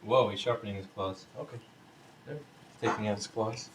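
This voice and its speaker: A man's voice: fairly low pitch, fairly quick, echoey room, heavy background noise. A man hosting his channel, chatting casually and playfully to his pet cat, cooing and teasing in baby talk at home. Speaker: channel host.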